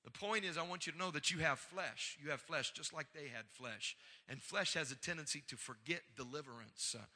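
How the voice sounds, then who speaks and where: Fervent high-voiced preacher in a reverberant hall. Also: male voice, brisk, few pauses. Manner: builds to loud fervent preaching, asks the congregation for amens. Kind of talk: sermon. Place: church sanctuary.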